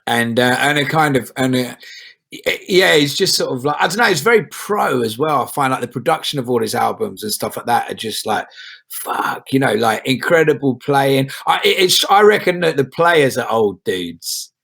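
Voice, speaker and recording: A folk singer, chatting as an interview guest in a rambling way, with lots of restarts and casual swearing. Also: male voice, mid-range voice, animated, moderate pace, vocal fry, fairly bright tone. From England.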